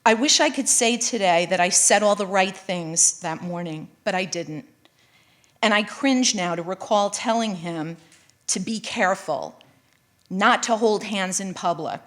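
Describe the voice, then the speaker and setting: A woman's voice: medium pitch, fairly bright tone. Woman reading her memoir aloud. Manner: measured, earnest storytelling. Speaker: writer reading her own essay. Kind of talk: live reading of a personal memoir. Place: college event space, live audience.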